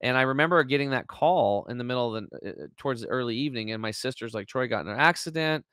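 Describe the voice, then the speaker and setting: A man's voice: medium pitch, fast, a bit bright, smooth, no echo. A man talking as an interview guest over a video call, his voice dry and close. He tells his story with feeling, acting out what people said and leaning on fillers and restarts. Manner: emotional storytelling, acts out quoted dialogue, filler-heavy.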